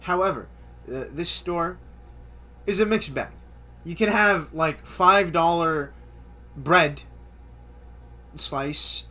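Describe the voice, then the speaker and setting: A man's voice: on the high side, slow, long pauses, sharp tone. A man in his twenties chatting through a list of things he loves, enthusiastic and stumbling over repeated words. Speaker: vlogger. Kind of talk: casual chatty list commentary.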